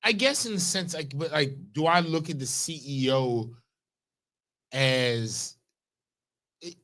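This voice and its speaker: A man's voice: fairly high pitch, a bit bright. A man co-hosting a comedic news talk show, rambling with restarts and casual swearing. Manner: rambling, profane, halting restarts. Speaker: co-host.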